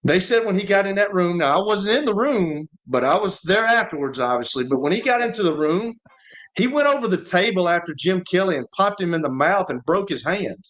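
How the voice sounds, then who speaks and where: A man's voice: high-pitched, expressive, a little fast, a bit bright. A man, a former quarterback co-hosting sports radio, telling stories in a rambling way with many restarts. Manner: rambling, repeats and restarts words. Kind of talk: casual sports talk, storytelling.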